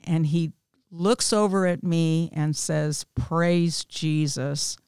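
Smooth-voiced woman telling her story. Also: deep voice, slow pace, a little mellow, no echo, clean studio sound. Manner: candid, self-deprecating storyteller. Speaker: small group leader, guest. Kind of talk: personal testimony in casual chat.

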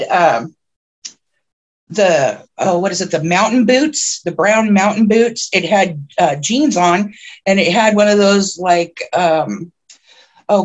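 A woman sits in as a podcast guest and tells a long personal story. She wanders through details, restarts her sentences and fills gaps with "um" and "like". Her voice climbs and speeds up when the story gets tense. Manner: rambling, vivid storytelling with many restarts and fillers; grows excited and high-pitched when telling the tense parts. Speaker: podcast guest, self-described oracle.

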